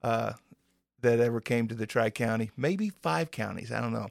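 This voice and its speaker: A man hosting a casual radio interview in a studio, chatting easily and dropping in quick agreements. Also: mid-range voice, creaky, dry recording. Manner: relaxed, drawn-out delivery with frequent short agreements. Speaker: radio host. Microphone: studio microphone.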